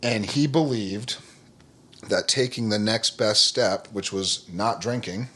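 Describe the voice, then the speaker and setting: A man's voice: fairly low pitch, takes it slowly, breathy edge. A man talking as a podcast guest in a casual conversation, earnest and rambling, often saying "like" and "you know what I mean". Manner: animated storyteller who acts out quoted people.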